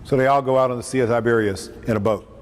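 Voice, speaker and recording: Man preacher, mid-pitch, casual joking delivery; recorded in a reverberant hall with faint ambience. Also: steady tone, rapid-fire. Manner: conversational, joking asides, acts out quotes. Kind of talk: lunchtime talk on scripture. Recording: echoey hall, faint room noise, mic at a distance.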